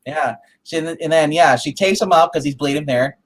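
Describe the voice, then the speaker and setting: A man's voice: a little high, moderate pace, rough recording. A man co-hosting a comic review in casual chat, retelling the story with many restarts and fillers.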